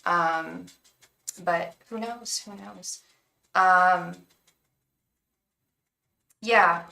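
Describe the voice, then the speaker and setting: A tarot reader and psychic chats casually and encouragingly to livestream viewers in a lowish, bright, forceful voice with drawn-out words and vocal fry. She repeats words and uses many fillers, and she's far from the mic in a room with roomy echo.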